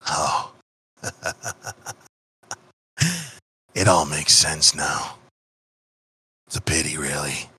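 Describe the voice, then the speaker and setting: A man voicing a cold, menacing male tabaxi gunman in a tabletop game, low and sneering. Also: steady tone, drawn-out words, pauses often, sharp tone, husky, no echo, exaggerated voice. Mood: mocking.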